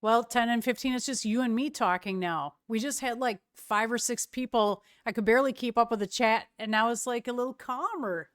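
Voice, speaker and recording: A woman streamer chatting casually with her viewers, relaxed and quick to laugh. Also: on the high side, no room sound, studio quality.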